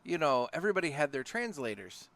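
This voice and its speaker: A man co-hosting a podcast, talking in a relaxed, rambling way while he asks questions and reviews a cigar. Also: a little high, fast, dry recording. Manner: relaxed, rambling, with filler and restarts. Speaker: podcast co-host. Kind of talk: casual podcast chat. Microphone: studio podcast mic.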